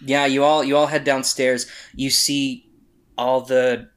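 A man narrating as game master of a tabletop role-playing game, animated and loud at times, cursing casually. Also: medium pitch, slow pace.

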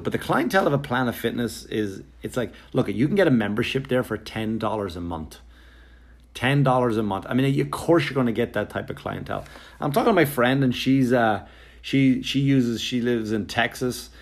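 A man, a touring comedian, telling a long story in a rambling, sarcastic, profane way, full of fillers and quoted exchanges. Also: lowish voice. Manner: animated, jumping into quoted exchanges. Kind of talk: casual comedic storytelling monologue.

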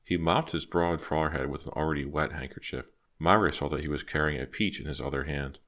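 A man with an extremely deep voice narrates an audiobook. He tells the story in a steady, even way, as scripted narration. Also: fairly quick.

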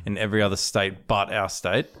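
A man's voice: on the low side, level tone, fairly quick, a bit bright, dry recording. An Australian man hosting a podcast and reading listener questions, laid-back and hesitant. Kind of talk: casual podcast chat.

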